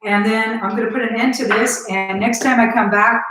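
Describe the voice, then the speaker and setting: A woman's voice: a little high, fairly even intonation, moderate pace, a bit bright. A woman ghost hunter in a live stream, earnestly asking questions and talking straight to her viewers. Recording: very echoey, distant from the mic.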